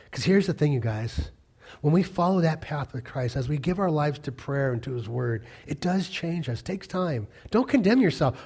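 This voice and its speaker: A middle-aged man preaching a sermon, animated and acting out the voices of the people he quotes. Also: a little high, normal speed, breathy edge. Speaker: pastor.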